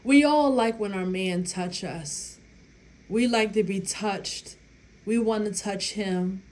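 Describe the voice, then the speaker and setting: A woman's voice: mid-range voice, takes it slowly, darkish tone. A woman, talking casually and bluntly to her viewers with lots of profanity, giving relationship advice. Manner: blunt, profane, emphatic, laughs at her own story.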